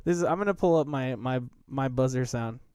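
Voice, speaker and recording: A man's voice: mid-range voice, a little fast, dark tone, clean tone, dry recording. A man co-hosting and producing a casual podcast, joking and teasing through a drinking game. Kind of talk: casual chat.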